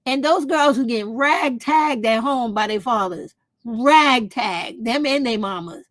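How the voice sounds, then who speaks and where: A woman's voice: fairly high pitch, normal speed, no echo. A woman, talking straight to her viewers in a casual opinion vlog, blunt and profane. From United States. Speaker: vlog host.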